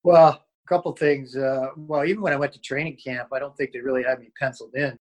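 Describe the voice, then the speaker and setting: A man in a casual interview, telling old hockey stories. He rambles and restarts often, filling gaps with "uh" and "you know". His voice sits at an ordinary middle pitch. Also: fairly even intonation, fast talker, low-quality recording. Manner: rambling, many fillers and restarts. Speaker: former hockey player.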